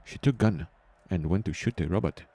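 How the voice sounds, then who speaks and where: A man's voice: deep voice, fairly quick, mellow. A man voicing a blunt male rebel character who talks in broken English, dropping small words. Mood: urgent.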